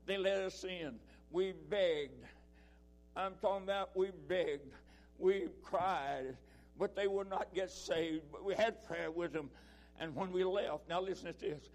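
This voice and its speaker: A man preaching a sermon, emphatic, repeating his phrases and swinging between loud and soft. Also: high-pitched, a little slow.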